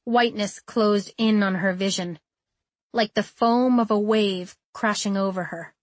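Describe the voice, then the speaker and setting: A woman's voice: medium pitch, fairly even intonation, a little slow, dry recording. Woman narrating, close and dry. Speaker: audiobook narrator. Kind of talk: scripted narration.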